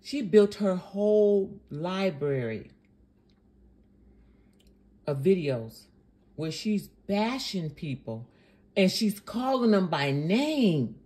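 A woman's voice: medium pitch, very animated, slow pace, pauses often, dark tone. A woman hosting a reaction channel, commenting sarcastically and indignantly on a preacher's clip.

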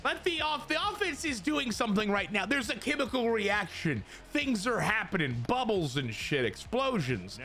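A man with a fairly high, bright voice calls his own game in loose, excitable commentary. His pitch swings widely as he cheers, swears and trash-talks the other player. Faint music plays behind him. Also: moderate pace, hardly any pauses. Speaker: gaming channel host. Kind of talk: casual gameplay commentary.

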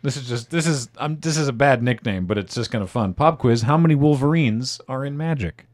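A man's voice: medium pitch, fairly quick. A man hosting a casual podcast panel, reading out listener suggestions and laughing often.

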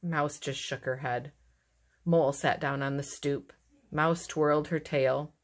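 A woman reading a children's storybook aloud in a lively, expressive way. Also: sits low, measured pace. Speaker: narrator.

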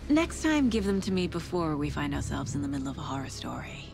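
An actress playing a sharp, determined investigator, speaking in a brisk, analytical way in video game dialogue. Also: female voice, deep voice, very animated, creaky, over music, full character voice. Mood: wry.

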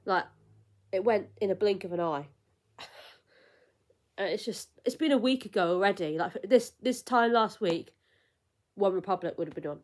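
A woman's voice: mid-range voice, moderate pace, long pauses. A young woman vlogger in casual chat, rambling and emotional, with lots of fillers and restarts.

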